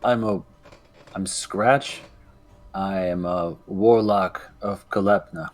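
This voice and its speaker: A man playing in a tabletop game, speaking a little haltingly. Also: low voice, steady tone. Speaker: player.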